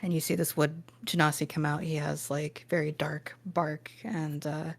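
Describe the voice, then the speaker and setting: A woman's voice: low-pitched, flat delivery, normal speed, vocal fry. A woman narrating a tabletop game as game master, casual and full of fillers, now and then putting on voices for characters.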